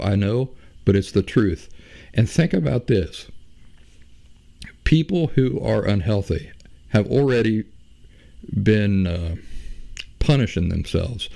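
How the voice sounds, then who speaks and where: A man's voice: fairly low pitch, creaky, dark tone. A man hosting a solo talk, explaining his ideas with rhetorical questions and repeating phrases for emphasis. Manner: explanatory, poses rhetorical questions and answers them. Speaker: podcast host. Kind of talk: solo talk on emotional health.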